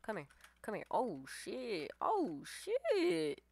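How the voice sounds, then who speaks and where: A woman giving live gameplay commentary, excitable, swearing and trash-talking her opponents. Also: fairly high pitch, drawn-out words, no echo. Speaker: gamer streamer.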